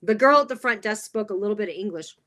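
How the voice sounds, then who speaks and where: A woman telling funny stories in a casual podcast chat, animated and often laughing. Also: mid-range voice, quick pace.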